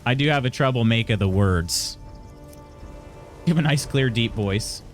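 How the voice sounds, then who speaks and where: A man in his thirties with heavy vocal fry, casually chatting with his live-stream audience, laughing often and restarting his sentences. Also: medium pitch, expressive, a little slow, faint music behind. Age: 30s. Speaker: streamer reading chat.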